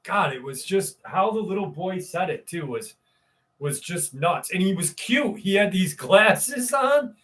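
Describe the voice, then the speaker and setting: A man's voice: high-pitched, lively intonation, measured pace, fairly bright tone, far from the mic. A man hosting a live stream, rambling casually, swearing freely and greeting viewers in the chat. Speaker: livestream host.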